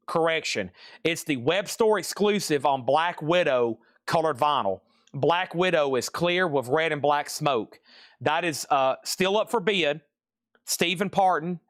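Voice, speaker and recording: A man's voice: on the high side, fairly bright tone, dry recording, studio quality. A man hosting a live-streamed record sale, chatty and rambling as he runs through auctions. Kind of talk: live-stream sales patter.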